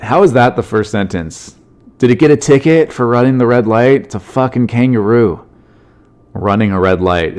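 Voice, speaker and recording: A man's voice: medium pitch, moderate pace, a little mellow. Rambling, swearing comedy podcast host man. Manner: rambling, jokey, swears freely. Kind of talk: solo comedy podcast riffing on news.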